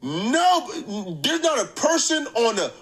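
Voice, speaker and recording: A man hosting a reaction channel, giving casual, animated commentary, laughing easily and repeating points for emphasis. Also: very high-pitched, slow, poor audio.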